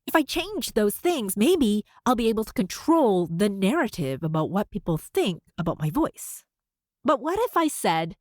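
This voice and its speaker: A woman with a slight lisp hosts her own podcast, her pitch swinging freely and often rising at the ends of sentences. The sound is dry and close, with no room around it. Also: very animated, unhurried, no room sound. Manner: upspeak at sentence ends, frequent laughs. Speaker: podcast host. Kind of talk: solo podcast talk.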